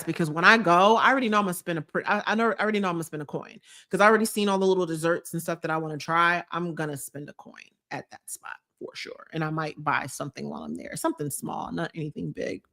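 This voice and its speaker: A woman's voice: fairly low pitch, fairly bright tone. A woman vlogger chatting casually on a live stream, gushing and reading out viewer comments. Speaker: vlogger hosting a live chat.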